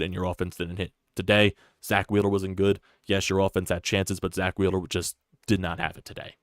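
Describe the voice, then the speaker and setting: A man's voice: on the low side, no echo, studio quality. A man hosting his own sports channel, giving a casual, emphatic game recap with repeated points. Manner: heated, swearing rants; repetitive, emphatic delivery.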